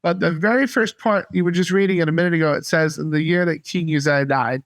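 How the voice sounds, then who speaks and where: A man from North Carolina, a podcast guest, telling a faith story earnestly and haltingly. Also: fairly high pitch, no room sound. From North Carolina, USA. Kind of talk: casual faith testimony.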